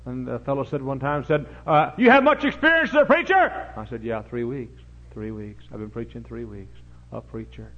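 A middle-aged man, preaching a folksy sermon full of rambling anecdotes and sudden loud emphatic bursts. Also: fairly low pitch. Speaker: pastor. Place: church service before a congregation. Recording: dull lo-fi recording with faint hum.

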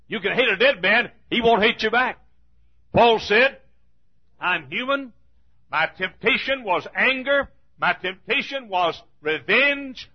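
High-pitched preacher guy, fiery repetitive sermon, dull lo-fi recording. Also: husky. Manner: repetitive, rising to shouts. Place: church.

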